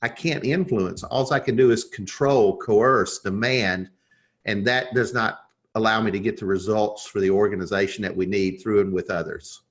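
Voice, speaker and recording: A man with a somewhat low voice, speaking as a guest on a podcast interview. He tells his story in an earnest, reflective way, the way a coach talks through a lesson. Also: moderate pace.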